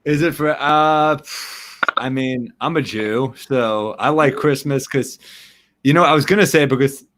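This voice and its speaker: A man's voice: medium pitch, a little slow, fairly bright tone. A man with a mid-range voice jokes as a comedian guest. His delivery is wry and laid-back, over a video call. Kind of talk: casual joking chat.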